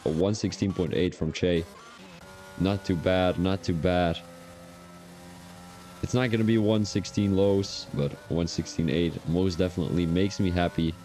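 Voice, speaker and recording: A man with a low, mellow voice calls a sim racing qualifying session in casual live-stream style. He chats loosely and wanders off into personal asides between updates on lap times. A faint hiss sits behind him. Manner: chatty, drifts into rambling personal asides. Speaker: sim racing league commentator.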